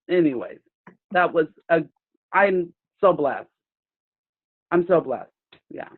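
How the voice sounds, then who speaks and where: A woman sharing a personal story on a video call, in a halting, rambling way with many restarts. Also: fairly low pitch, expressive. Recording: tinny phone-like video call audio.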